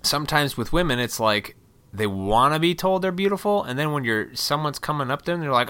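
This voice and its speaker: A man's voice: fairly high pitch, lively intonation, fairly quick, sharp tone, clear, resonant tone. A man venting his opinions in a blunt, profane, rambling vlog rant. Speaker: vlogger.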